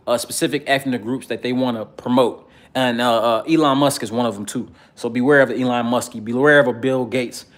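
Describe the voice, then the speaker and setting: A man delivers a casual commentary monologue in a mid-pitched voice. He rambles, fills his pauses with constant uh's, and speaks bluntly with profanity. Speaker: political commentator.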